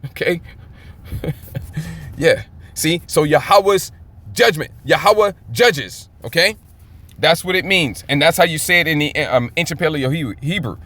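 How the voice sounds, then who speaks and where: A man's voice: a little high, fairly bright tone. A man teaching scripture in a fired-up, emphatic way, often checking in with his listeners. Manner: emphatic, keeps checking in with "okay?". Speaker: Bible teacher.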